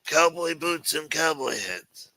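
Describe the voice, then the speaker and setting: A rambling, sentimental mob elder, as a man puts him on, pleading in a raised, bright voice. He wanders from point to point, full of old-world nostalgia. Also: animated, slow pace, exaggerated voice, poor audio. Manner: higher-pitched, rambling and wheedling.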